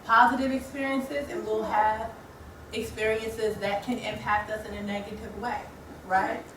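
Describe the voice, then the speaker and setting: A woman's voice: fairly high pitch, level tone, a little slow, a bit bright. A woman facilitating a workshop, engaging the group and checking in often as she talks. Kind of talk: interactive training talk. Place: training room. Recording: echoey room, distant mic, faint noise.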